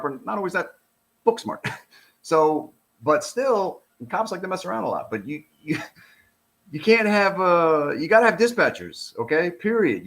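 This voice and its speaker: Middle-aged man, ex-cop commentator; blunt, profane, animated, slightly high, very expressive pitch. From United States. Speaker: retired police officer commentator. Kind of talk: casual commentary reading a document.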